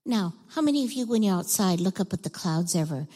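A woman teaching children in church, speaking in a breathy, animated way and leading the group in shouted chants. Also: fairly low pitch, brisk, long reverb tail. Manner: animated, leads group chants in a loud call. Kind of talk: children's sermon. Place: church sanctuary.

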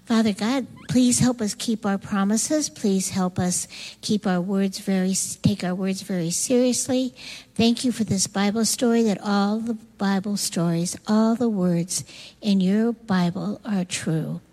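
A woman telling a children's Bible story with animated, repetitive emphasis. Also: mid-range voice, unhurried, low-quality recording.

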